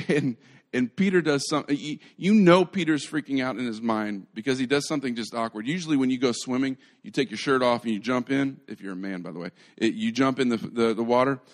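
A man's voice: mid-range voice, a little fast. A man preaching a sermon in a conversational way, retelling stories animatedly and often restarting his phrases. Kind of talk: live sermon.

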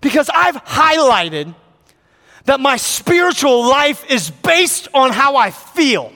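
A man preaching a sermon as pastor, acting out quotes with animation and building to shouts. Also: very high-pitched, sing-song, slow, big-room sound.

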